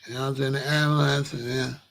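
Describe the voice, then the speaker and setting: A man hosting his own show, telling a personal story with lively, laughing delivery. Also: mid-range voice, quick pace, vocal fry. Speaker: show host.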